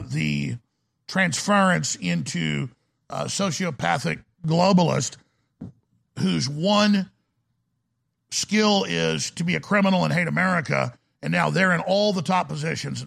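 A man's voice: on the high side, vocal fry, a bit bright. A male talk radio host ranting through a call-in show, often stumbling and restarting words.

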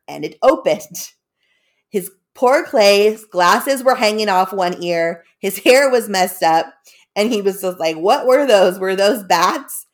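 A woman retelling a spooky story in a loose, chatty way, peppered with "like" and "kinda". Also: fairly low pitch.

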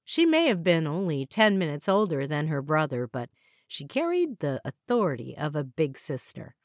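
Woman, audiobook narrator, low voice, measured reading, dry sound. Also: sing-song, dry recording. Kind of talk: scripted narration.

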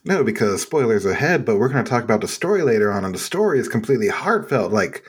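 A man from Texas hosting a casual gaming podcast, laughing often and making animated asides. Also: lowish voice, quick pace, slightly rough. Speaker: podcast host.

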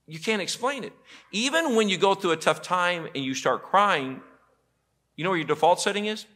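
Male pastor preaching a sermon, bright tone, animated storyteller. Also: high-pitched, normal speed. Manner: animated storytelling with quoted voices. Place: church auditorium.

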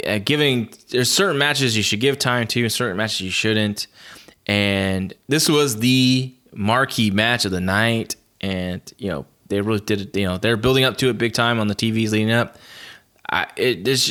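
A man co-hosting a podcast in casual chat, halting, with many restarts and fillers. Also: on the low side, a bit bright. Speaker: podcast co-host.

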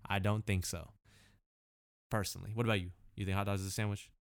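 A man co-hosting a podcast in casual, slangy chat, laid-back and quick to laugh. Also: fairly low pitch, flat delivery, creaky, dry recording, clean studio sound. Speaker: podcast co-host.

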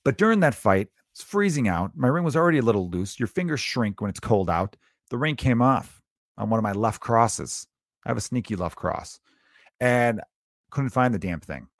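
A man in his thirties telling a story in a casual, animated and profane way, swinging between loud bursts and low asides. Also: no room sound, studio quality.

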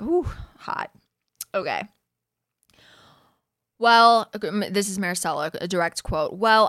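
Brief: young woman host, loose chatty recap, lots of "like", mid pitch, dead-dry close mic. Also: a bit bright, no room sound. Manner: chatty, frequent "like", swears freely, laughs often. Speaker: podcast host recapping a reality show. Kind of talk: casual chat.

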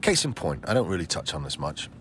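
Blunt, low-voiced man in his forties. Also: big pitch swings, fast, a bit bright, a little hiss or hum. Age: 40s. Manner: blunt, profane, emphatic. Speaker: podcast host. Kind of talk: solo podcast monologue.

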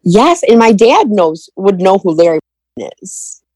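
A woman's voice: medium pitch, very animated, slow, a little mellow, dry recording, poor audio. A middle-aged woman telling her family story in an interview, retelling conversations in quoted dialogue. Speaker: guest.

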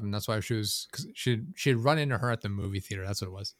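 A man's voice: on the low side, quick pace, dry recording, clean studio sound. A man hosting a casual talk show, speaking bluntly and rambling, swearing often. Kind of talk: casual chat.

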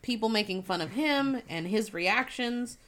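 A woman's voice: on the high side, animated, measured pace, fairly bright tone. A woman co-hosting a casual chat, talking in a loose conversational way and swearing offhandedly. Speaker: podcast co-host.

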